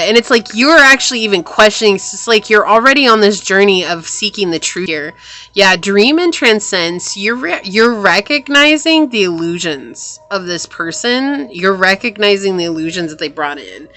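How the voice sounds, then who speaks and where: Bright-voiced chatty tarot reader woman. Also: mid-range voice, animated, normal speed. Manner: chatty, reassuring, full of fillers. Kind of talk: pick-a-card tarot reading.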